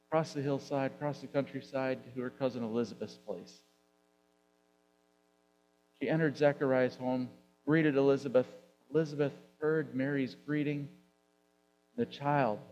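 A male pastor delivers a sermon in a conversational, mid-pitched voice, drawing out key words and asking rhetorical questions. The recording is muffled and lo-fi, with a faint hum beneath it. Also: warm tone. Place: church sanctuary.

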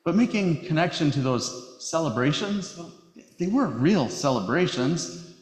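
A pastor from Wisconsin delivering a sermon in a church sanctuary, measured and emphatic, slowing down on key phrases. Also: male voice, a little high, lively intonation. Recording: echoey hall reverb.

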